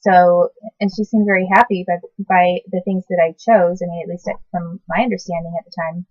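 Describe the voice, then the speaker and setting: Woman, 40s, lowish voice, halting, self-correcting, casual recollection, dry, dull lo-fi. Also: fairly even intonation, a little mellow, no echo. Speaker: recalling past babysitting work. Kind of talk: casual personal recollection to camera. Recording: dull lo-fi sound.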